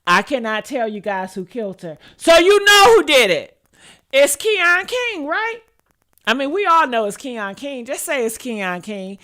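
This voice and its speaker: A woman's voice: on the high side, very animated, unhurried, sharp tone. A woman hosting a live stream, reacting to news clips and talking bluntly and profanely straight to her viewers. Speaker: host.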